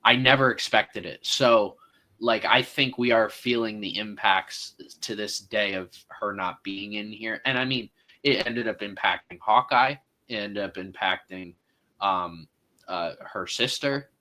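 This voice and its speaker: A man with a bright, forceful tone talks over films on a podcast. He builds his points slowly and thoughtfully, in a casual way. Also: fairly low pitch, poor audio. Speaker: podcast co-host. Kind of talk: casual movie discussion.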